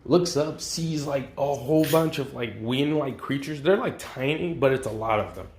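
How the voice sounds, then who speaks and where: Man, channel host, casual fan storytelling, slangy, lots of fillers and swearing, mid pitch, echoey room. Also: normal speed, a little mellow, a little hiss or hum. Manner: loose, slangy, with frequent fillers and profanity. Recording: roomy echo.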